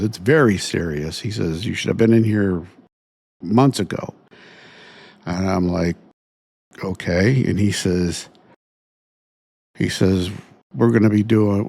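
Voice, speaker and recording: A man's voice: deep voice, gravelly, darkish tone, slightly rough. A middle-aged man, tired and sore after surgery, casually recounting events as a podcast host with lots of fillers. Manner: rambling, many fillers, retells dialogue. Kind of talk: casual first-person storytelling.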